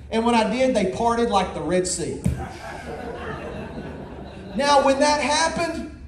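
Pastor, male, high-pitched and lively, folksy storyteller who stumbles and repeats words; echoey church hall with faint room noise. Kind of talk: sermon.

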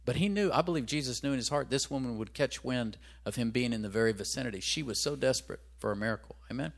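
A man's voice: mid-range voice, fast talker, gravelly. Man preaching a conversational sermon. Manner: conversational preaching with rhetorical questions; searches aloud for references, restarts. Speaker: pastor.

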